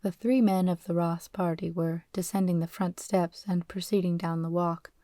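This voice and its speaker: A woman narrating a novel as an audiobook, reading in a steady, expressive way. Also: on the low side, normal speed, no echo, clean studio sound.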